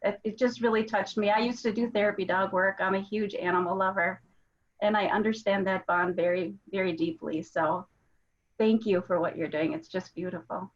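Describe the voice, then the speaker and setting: A woman's voice: mid-range voice, fairly even intonation, moderate pace. Earnest woman over a dull call line. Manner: earnest, heartfelt. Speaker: call participant.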